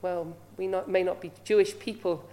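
A woman's voice: fairly low pitch, fairly even intonation, normal speed, warm tone. A woman preaching a sermon, often asking her listeners rhetorical questions.

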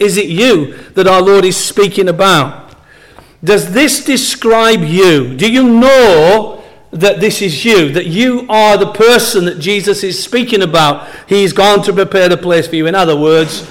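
A middle-aged man preaching a sermon, earnestly repeating and stressing his scripture text. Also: high voice.

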